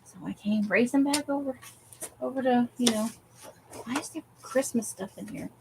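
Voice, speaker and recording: A woman's voice: on the high side, moderate pace, vocal fry, background noise. Chatty woman hosting a craft livestream. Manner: chatty and rambling, talking to herself while rummaging through supplies. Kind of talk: casual live-stream chat.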